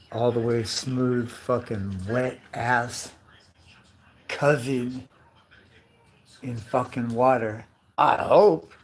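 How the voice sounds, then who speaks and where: A man's voice: medium pitch, vocal fry, a little hiss or hum. A man of fifty in a rambling comic monologue, swearing freely, calling everyone dude and bro and firing off rhetorical questions. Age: 50s. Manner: profane, chatty, full of rhetorical questions; calls listeners dude and bro.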